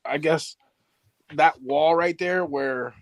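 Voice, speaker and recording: A man talking as a guest on a live stream, telling a story in a relaxed way and quoting his friends. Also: a little high, slow, no room sound. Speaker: toy collector guest. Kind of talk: casual chat on a live stream.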